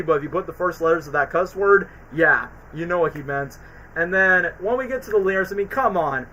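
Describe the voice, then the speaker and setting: A man streaming, chatting casually and rambling excitedly in slangy, loose sentences. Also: high voice, rough recording. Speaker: streamer reviewing movies. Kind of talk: casual livestream chat.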